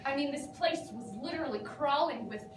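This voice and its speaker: An actress performing a self-absorbed, nervous young woman who rambles dramatically to her therapist, high in pitch and breaking into giggles. She sounds far from the mic in an echoey room, with noise clearly audible behind her. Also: lively intonation, brisk. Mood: rambling. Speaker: actor performing a monologue. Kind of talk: theatrical comic monologue.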